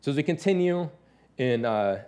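A man in his thirties preaching a sermon as pastor, telling stories with lively, animated delivery and playful imitations. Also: medium pitch, moderate pace. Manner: animated storytelling, mimics his toddler's excited voice.

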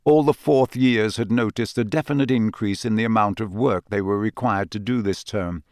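A man reading an audiobook in steady, even scripted narration. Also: fairly low pitch, normal speed, clear, resonant tone, no echo, clean studio sound.

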